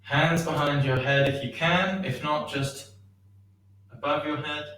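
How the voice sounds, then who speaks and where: Slow, gentle man leading stretches. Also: on the high side, steady tone. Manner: gentle, unhurried guiding with many ums. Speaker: shiatsu teacher. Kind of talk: guided movement class. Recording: echoey room, far from mic.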